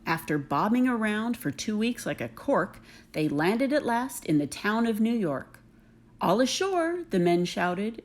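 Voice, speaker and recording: A woman reading a rhyming children's picture book aloud, expressive and rhythmic. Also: medium pitch. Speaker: reader.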